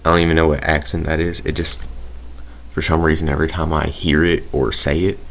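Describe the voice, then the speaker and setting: A man's voice: rumbling low, flat delivery, fairly quick, vocal fry, fairly bright tone. A young man casually commentating his own football video game play, rambling and hesitant with many fillers. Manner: rambling, hesitant, self-deprecating. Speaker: gaming YouTuber.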